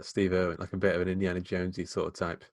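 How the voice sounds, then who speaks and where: A man with a Midlands accent talks casually as a podcast co-host. His voice sits on the low side and is recorded dry and close, and his rambling stories keep breaking into laughter. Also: level tone, very fast, dry recording. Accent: English Midlands. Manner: chatty, laughs often, rambling. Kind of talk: casual film chat.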